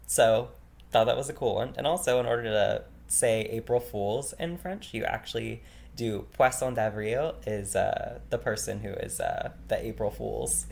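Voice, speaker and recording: A man from the United States with a gravelly edge to his voice leads a casual vocabulary lesson. He talks in a relaxed, chatty way, repeats each new word slowly several times and laughs now and then. His pitch sits in a middle range. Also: a little hiss or hum. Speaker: language teacher.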